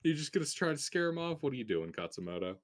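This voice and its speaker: A man narrating as game master of a tabletop game, relaxed and full of fillers and restarts. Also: on the high side, quick pace.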